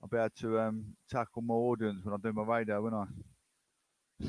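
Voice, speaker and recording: A man's voice: on the low side, little pitch movement, moderate pace, a little mellow, low-quality recording. A man from the UK with a British accent, hosting a rambling, casual chat with strangers online. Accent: British English. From United Kingdom. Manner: rambling, chatty, unsure.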